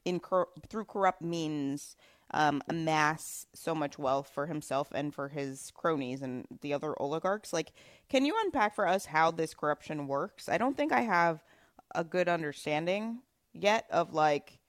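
A woman hosts an interview and works her way through casual questions, filling gaps as she goes. Her voice sits very low for a woman. The sound is dry and close, with no room echo. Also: expressive, a little slow. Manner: searching, casual, uses many fillers. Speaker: podcast host.

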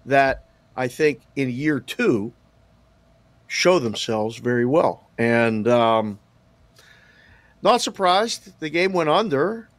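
A man speaking as a sportsbook guest analyst on a sports talk show, casual and halting. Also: medium pitch, expressive, no echo. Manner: casual, halting, with restarts and fillers.

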